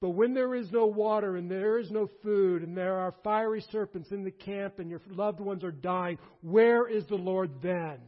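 A man preaches with a fairly high voice, pressing hard on repeated phrases as his force builds. The recording is muffled and lo-fi. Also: steady tone, moderate pace, hardly any pauses. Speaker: pastor. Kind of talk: sermon.

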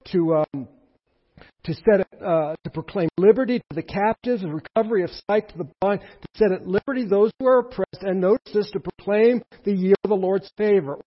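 A man preaching a sermon in an animated way, with emphatic peaks and asides to the congregation. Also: high voice, lo-fi sound. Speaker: pastor.

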